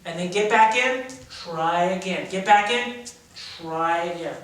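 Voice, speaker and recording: A man speaks a little slowly in a high, somewhat bright voice while teaching drama to young actors, energetically explaining exercises and acting out emotions. The camera mic sits across a large echoey room, making him sound distant.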